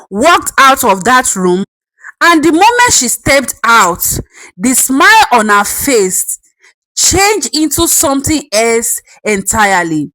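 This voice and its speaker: A woman's voice: on the high side, fairly bright tone, no room sound, poor audio. A woman narrating a folktale dramatically, with asides to the listener. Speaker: storyteller.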